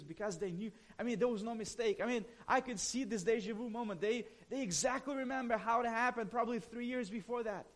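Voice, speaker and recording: A man preaching a sermon in a conversational way, moving between soft, quiet passages and emphatic ones. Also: very high-pitched. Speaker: pastor.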